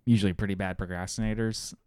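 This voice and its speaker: A young man hosting a casual sports podcast, loud and profane, laughing often. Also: fairly low pitch, fairly even intonation, fast talker, a little hiss or hum. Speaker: podcast host.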